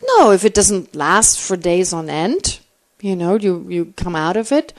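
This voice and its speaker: Animated woman teaching, lively pitch. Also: a little slow. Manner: animated, thinks aloud with restarts. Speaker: Buddhist teacher. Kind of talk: answering questions in a teaching.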